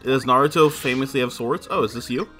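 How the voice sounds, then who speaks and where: A man's voice: mid-range voice, quick pace, a bit bright, soft background music. A man co-hosting a let's play in casual gaming chat, swearing and joking. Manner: swearing, joking, laughing often.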